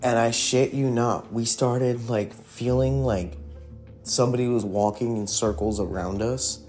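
A young man casually tells a ghost story from his youth in a medium-pitched, fairly even voice that's a little slow and a little mellow. He rambles, swears, and leans heavily on fillers, with faint guitar music playing behind him.

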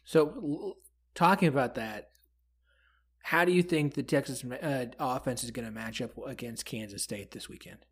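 Husky man asking brief questions. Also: mid-range voice. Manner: brief questions, quick laughs. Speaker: podcast host. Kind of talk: casual sports chat.

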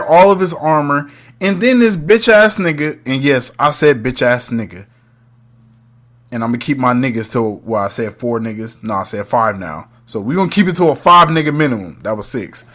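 A man co-hosting a casual podcast, recapping an episode with profane, animated storytelling and quick mimicry of characters. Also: on the high side. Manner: animated, profane, acts out lines. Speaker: podcast co-host.

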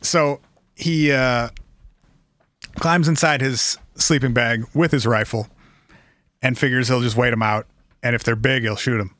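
A man's voice: mid-range voice, steady tone, a little slow, long pauses, fairly bright tone, no echo. A man hosting a podcast, telling a story in casual chat with an easygoing, wry manner. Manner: easygoing, wry, reads quotes aloud.

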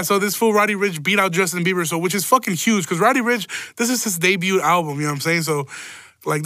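A man's voice: high voice, bright, forceful tone, no echo. A young man, hosting a casual solo rant, rambling and swearing, often breaking into laughter. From Chicago. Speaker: podcast host.

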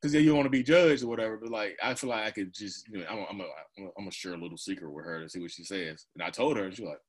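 A man's voice: fairly low pitch, racing, husky. A man in his thirties talking casually and candidly as an interview guest, rambling, laughing often and acting out his own remarks. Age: 30s. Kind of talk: candid personal conversation.

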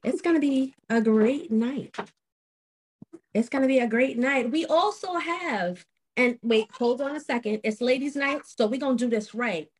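A woman's voice: high voice, moderate pace, slight background noise. A woman hosting a podcast, introducing guests in an upbeat, teasing way. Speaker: podcast host. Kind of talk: casual hosting chat.

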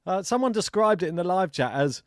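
Laughing, animated man. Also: high-pitched, a little fast, dry recording, studio quality. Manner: animated, laughs often, trails off and restarts. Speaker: podcast co-host. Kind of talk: casual tennis chat.

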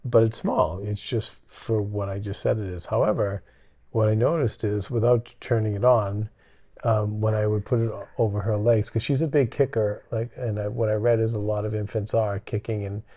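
Gravelly, dark-voiced middle-aged man. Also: on the low side, steady tone, highs cut off. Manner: storytelling, halting with restarts. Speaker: podcast co-host. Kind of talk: casual chat.

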